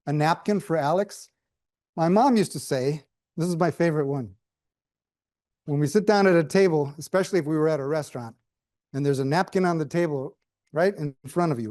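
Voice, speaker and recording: A man's voice: on the high side, darkish tone, no echo. A middle-aged man giving a prepared speech with humorous storytelling, dry asides and questions to the audience. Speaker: club speaker.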